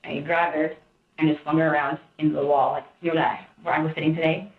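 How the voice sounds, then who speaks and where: A woman recounting events in a rambling, halting way, often quoting others in a raised voice, heard on distant interview-room audio. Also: deep voice, little pitch movement, echoey room, narrow, tinny audio. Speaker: interviewee in police interrogation footage.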